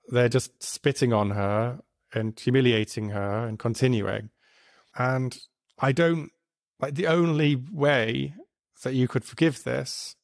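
A man at an ordinary middle pitch talks through video clips with earnest indignation, loosely and with lots of fillers. His voice is recorded dry, close and clean, with almost no room sound. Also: dry recording. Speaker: commentary host.

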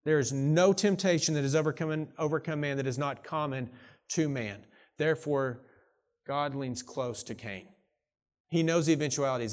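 A man who is a pastor preaching a sermon, earnest and swinging between hushed, intimate moments and emphatic declarations, a parent of young children. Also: on the high side, moderate pace. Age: young adult or middle-aged, parent of young children.

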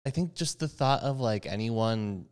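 A young man co-hosting a podcast, talking in an expressive, jokey way with dramatic asides. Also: mid-range voice, measured pace, clean tone. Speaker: podcast co-host. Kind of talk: casual chat.

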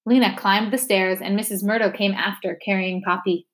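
A woman's voice: medium pitch, moderate pace. Woman reading a novel aloud. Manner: steady, expressive read-aloud. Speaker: reader.

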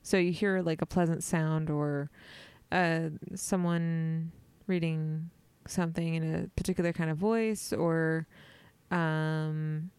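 Smooth-voiced, easygoing podcast co-host woman. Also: deep voice, steady tone, slow, darkish tone, no room sound. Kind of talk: casual podcast chat.

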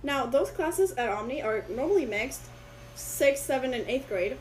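Woman guest, spanish is her first language, kinda high voice, rambly storytelling, faint hiss. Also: animated, normal speed, rough recording. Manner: rambling storyteller who acts out quoted people. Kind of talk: casual interview chat.

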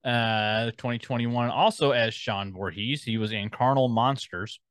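A man's voice: medium pitch, a little slow, fairly bright tone, clean tone, no room sound. A man co-hosting a podcast in casual chat, rambling as he scrolls and reads out film listings. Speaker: podcast co-host.

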